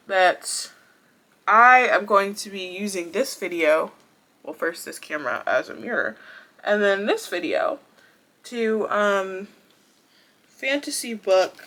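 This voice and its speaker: Woman wrestling vlogger, crisp bright tone, outspoken, laughs and cusses freely. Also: mid-range voice. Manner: animated and blunt, swears, laughs often. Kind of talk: casual vlog chat.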